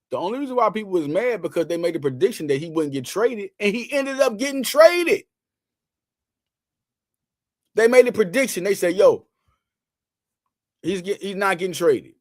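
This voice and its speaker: A man's voice: a little high, no echo, studio quality. A man hosting a casual sports talk show, emphatic and slangy, repeating lines for effect.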